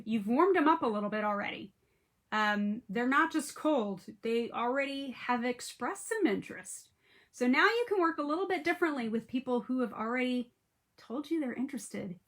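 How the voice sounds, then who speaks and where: A woman's voice: fairly high pitch, fairly bright tone. A woman coaching direct sellers in a casual, chatty way, acting out sample messages with emphasis. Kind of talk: casual instructional talk to camera.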